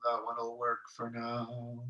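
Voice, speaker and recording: A man leading a guided healing-sound meditation, speaking calmly and softly and drawing out long chanted vowel tones. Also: mid-range voice, slow pace, lo-fi sound. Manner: calm, soft-spoken guidance with long chanted vowel tones. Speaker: meditation teacher. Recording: echoey room, mic at a distance.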